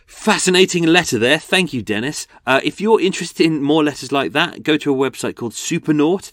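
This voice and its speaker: A man's voice: mid-range voice, dry recording, studio quality. An English man hosting a true-crime podcast in a chatty, wry way. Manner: chatty, animated, wry asides. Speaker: podcast host.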